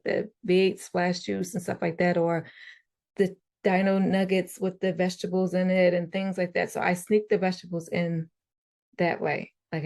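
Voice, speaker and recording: A woman talking casually as a podcast guest, telling stories in a chatty, animated way. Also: fairly low pitch, vocal fry. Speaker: guest parent.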